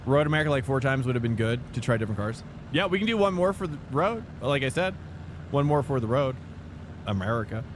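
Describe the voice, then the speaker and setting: A man's voice: medium pitch, fast talker, hardly any pauses, background noise. A man streaming sim racing, chatting loosely and rambling as he talks to his viewers. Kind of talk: casual live-stream chat. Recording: streamed over music. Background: background music.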